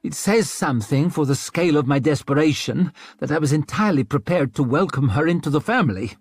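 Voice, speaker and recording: An imperious queen with a sharp, precise manner and a cold edge, voiced by a male narrator. Her lines sit well above his own voice, slightly husky, in a dry and close audiobook recording with faint music behind. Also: a little high, animated, brisk, no room sound, pitched above the performer's own voice. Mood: icy. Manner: sharp foreign-sounding, icy and precise. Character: haughty queen, imperious and cutting.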